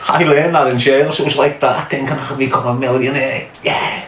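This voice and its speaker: There's a little hiss or hum as a man with a Scouse accent from England chats casually with his livestream audience. His mid-range voice is steady, fairly bright, and a bit fast, full of swearing and loose stories, with music behind him in an echoey room.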